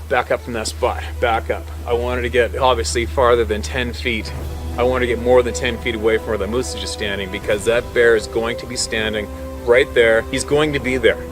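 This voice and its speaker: A man who works as a hunting guide, telling a story in a casual, animated way, swearing freely and acting out what people said. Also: lowish voice. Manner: animated, swears freely, acts out quotes, laughs mid-story.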